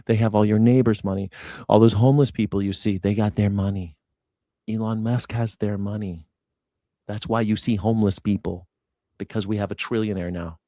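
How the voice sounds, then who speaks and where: A man hosting a live news reaction stream. He talks straight to his chat in a sarcastic, mocking way and swings between loud jabs and hushed asides. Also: fairly low pitch, steady tone, moderate pace, no echo, clean studio sound.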